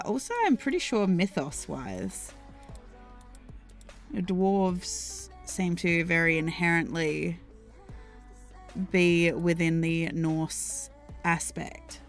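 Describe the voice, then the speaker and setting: An Australian woman chatting casually on a live stream, rambling thoughtfully with many ums and restarts as she answers chat. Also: on the low side. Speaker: streamer and worldbuilder. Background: faint background music.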